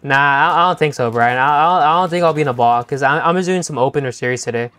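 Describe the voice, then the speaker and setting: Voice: medium pitch, fast, hardly any pauses, fairly bright tone, soft background music. A young-adult game streamer chatting playfully with viewers during a live session, laughing often and teasing the chat.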